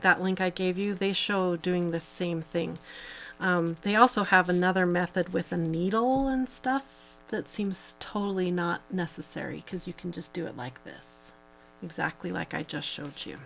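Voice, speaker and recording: Chatty woman with a gravelly fry. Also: on the low side, moderate pace, a bit bright, a little hiss or hum, rough recording. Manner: chatty, demonstrating step by step with many fillers. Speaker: host. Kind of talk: live craft tutorial.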